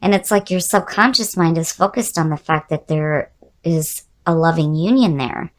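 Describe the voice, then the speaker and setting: A woman giving a casual tarot reading who is losing her voice and sounds hoarse. She muses aloud, repeats key words and speaks straight to the viewer. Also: deep voice, normal speed. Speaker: tarot reader.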